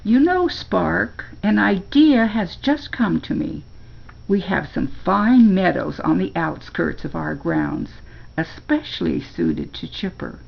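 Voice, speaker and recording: A smooth, manipulative male ruler from a storybook, drawing out each kindly word, as an older woman puts him on. The voice sits low and gravelly. It is heard on a slightly muffled recording. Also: expressive, takes it slowly, heavily acted.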